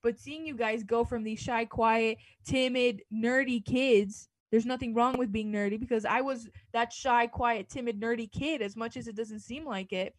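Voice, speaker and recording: A woman's voice: on the high side, steady tone, normal speed, hardly any pauses, no echo, low-quality recording. A young woman, a former student radio host, talks earnestly and encouragingly on air. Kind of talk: heartfelt casual chat on radio.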